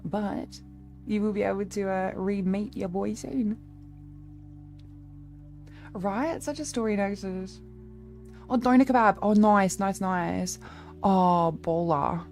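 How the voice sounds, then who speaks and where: A woman's voice: medium pitch, darkish tone. A young woman streamer in a casual live-stream chat, rambling along and thanking her viewers by name.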